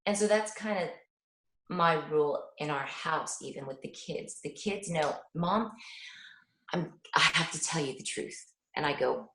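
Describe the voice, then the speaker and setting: A woman's voice: low-pitched, unhurried, reverberant, poor audio. A middle-aged mother answering an interviewer, speaking earnestly and acting out little dialogues as she tells stories. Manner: earnest, animated storytelling with quoted dialogue. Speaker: parent guest.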